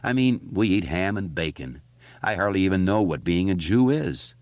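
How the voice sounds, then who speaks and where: A man voicing a quiet, mild-mannered boy who speaks calmly in an audiobook. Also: deep voice, moderate pace, dry recording, highs cut off. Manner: quiet and calm.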